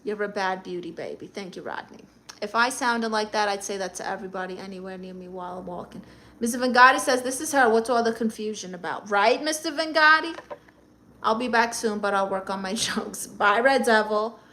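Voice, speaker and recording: A woman's voice: mid-range voice, brisk, pushed and bright, slight background noise. A woman with a Brooklyn accent hosting a comedic phone live stream, reading chat comments in a brash, sassy manner. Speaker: livestream comedian.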